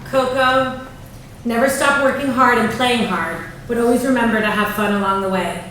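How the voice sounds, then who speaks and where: A woman in her forties gives a proud, prepared speech to her daughter, with a fairly high voice. She speaks in a large banquet room, and the sound is very echoey and picked up from a distance. A faint room hum sits underneath. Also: moderate pace. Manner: warm, proud, reading from notes. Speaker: mother giving a speech. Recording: echoey hall from far off.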